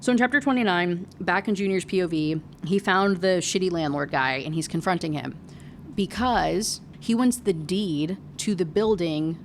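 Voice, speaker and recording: A woman's voice: lowish voice, moderate pace, a little hiss or hum. A young adult woman reviewing a book in a casual rant, sarcastic, exasperated and profane.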